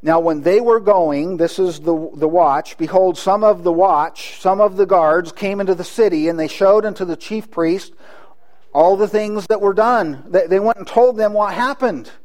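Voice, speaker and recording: A man with a high voice preaching a sermon. He talks earnestly, often restarting his sentences and putting questions to his listeners. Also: normal speed, a little mellow. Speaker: pastor.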